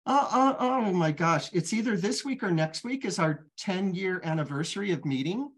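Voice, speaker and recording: Frank, animated middle-aged woman. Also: lowish voice, normal speed, breathy edge. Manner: frank, animated, swears casually. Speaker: guest. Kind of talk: candid personal storytelling.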